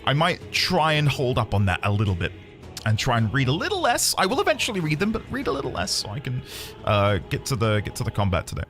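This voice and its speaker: A man's voice: mid-range voice, huge pitch swings, fast, music in the background. A man in his thirties, streaming a game and chatting casually with his viewers in a rambling, self-deprecating way. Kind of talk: casual live-stream chat.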